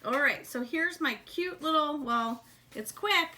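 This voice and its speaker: A woman teaching a casual online drawing lesson from a home basement studio, talking in a chatty, upbeat way and sometimes softening to a gentle coo. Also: high voice, unhurried. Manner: chatty and upbeat, drops to a soft coo when speaking to the animal. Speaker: art teacher.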